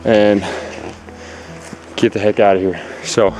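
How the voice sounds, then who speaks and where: Out of breath on a hunting trip, a man vlogs casually to a handheld camera held close, rambling anxiously with plenty of fillers in a forest clear cut outdoors. His voice is fairly low and darkish, delivered flat and slowly. Faint music plays behind him.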